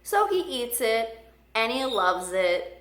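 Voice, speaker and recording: Chatty woman telling a story, bright voice. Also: fairly high pitch, very animated, takes it slowly. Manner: chatty, filler-heavy with frequent "like". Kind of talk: casual storytelling. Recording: roomy echo.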